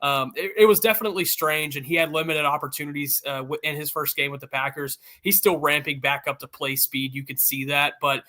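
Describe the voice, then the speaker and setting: Male beat reporter, raised pitch, crisp bright delivery, informed and steady. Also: brisk, few pauses. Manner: fluent, informed, explanatory. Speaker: sports reporter. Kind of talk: guest analysis in an interview.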